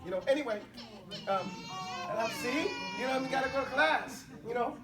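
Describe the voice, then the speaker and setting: High-voiced male teacher, far from mic. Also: fairly quick, noisy background. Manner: casual, mixes English and Arabic drills. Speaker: Arabic teacher. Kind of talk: classroom teaching. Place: classroom.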